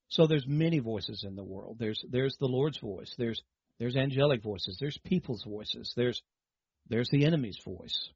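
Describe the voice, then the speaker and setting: A man preaches in a husky, breathy voice, explaining patiently and tossing rhetorical questions to the congregation. The sound is dry and a little dull, as if recorded on modest gear close to the mic. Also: medium pitch, darkish tone, no echo. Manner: teaching, repeats words, asks rhetorical questions. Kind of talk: sermon.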